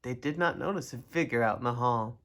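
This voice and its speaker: A man reading a children's storybook aloud in an expressive, animated way. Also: mid-range voice, a little fast. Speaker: storybook reader.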